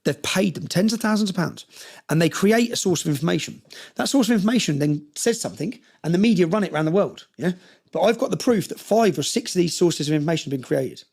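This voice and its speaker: A man's voice: high-pitched, animated, quick pace, gravelly, darkish tone, breathy edge. A man telling a story intensely in an interview, often checking in with "yeah?" and acting out what others said. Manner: recounting with quoted dialogue. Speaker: interview guest.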